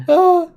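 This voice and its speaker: A man hosting a casual live stream, talking to a guest and chat, laughing often and breaking into sudden high yelps. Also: dull audio. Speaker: streamer host.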